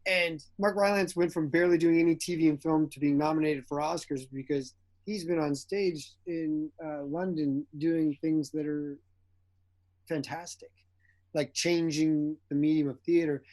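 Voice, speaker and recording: Male actor guest, animated storyteller, fairly high voice. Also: normal speed. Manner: animated storyteller who acts out quotes, laughs often. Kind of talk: casual interview chat.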